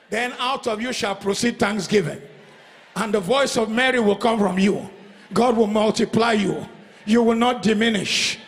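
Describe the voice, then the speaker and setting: A middle-aged male pastor with a Nigerian accent preaching a fervent sermon, chanting and singing refrains and swinging from loud calls to hushed passages. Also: high-pitched, measured pace. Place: church service.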